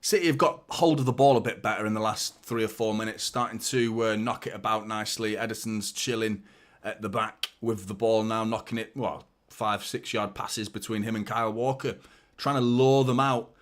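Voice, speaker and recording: Chatty football fan host. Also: male voice, on the low side, moderate pace. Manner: chatty, jokey, excitable during attacks. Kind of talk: live match watchalong commentary and chat.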